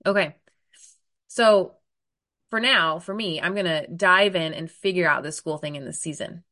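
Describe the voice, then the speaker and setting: A woman in her thirties coaching an online group on weight loss, talking bluntly and often checking in with "okay?", a little hoarse from a cold. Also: lowish voice, moderate pace, bright, forceful tone. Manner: direct, emphatic, frequent "okay?" check-ins. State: getting over a cold, occasional cough.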